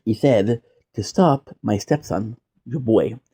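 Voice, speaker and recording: Man, streamer, casual rambling chat, jokey tangents, warm mellow tone. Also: lowish voice, takes it slowly, slightly rough. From Quebec, Canada.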